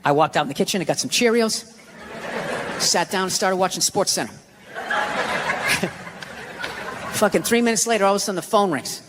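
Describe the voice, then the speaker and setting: A man's voice: high voice, fast talker. A man doing stand-up comedy, telling a story in a brash, blunt and profane way on a club stage. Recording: live club with noisy crowd.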